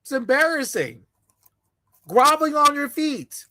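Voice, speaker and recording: A woman rants in a blunt, mocking commentary, her voice bright and sharp-edged. The sound is close and dry, with no room around it. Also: high voice, sing-song, unhurried, no room sound. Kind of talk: ranting commentary.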